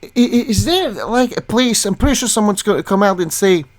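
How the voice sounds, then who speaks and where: A woman host rants angrily through a reaction commentary while reading a document aloud, profane and exasperated, often stumbling and restarting her words. Her voice is medium-pitched and expressive, and she speaks a little fast.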